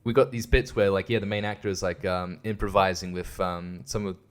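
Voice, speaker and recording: A man's voice: low voice, steady tone, a little fast, clear, resonant tone. A young man hosting a casual monologue, rambling and swearing, often laughing at himself. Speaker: host.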